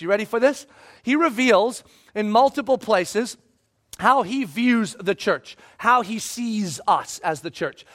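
High-voiced, emphatic male preacher. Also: expressive, unhurried. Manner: emphatic, swings from hushed to shouting. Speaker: pastor. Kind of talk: sermon.

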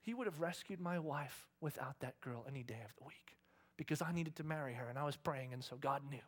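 A middle-aged man delivers a sermon with a husky, slightly breathy voice. He preaches with fervor, swinging between raised, urgent lines and hushed, whispered appeals. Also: mid-range voice, a little fast. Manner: impassioned, dropping often to a breathy whisper. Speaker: pastor.

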